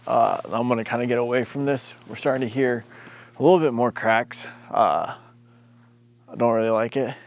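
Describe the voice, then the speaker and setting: A man's voice: medium pitch, normal speed. A man casually narrating a winter hiking trip for his travel vlog. He talks in a loose, rambling way with many fillers. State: out of breath. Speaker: vlogger. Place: outdoors in winter, later inside a vehicle.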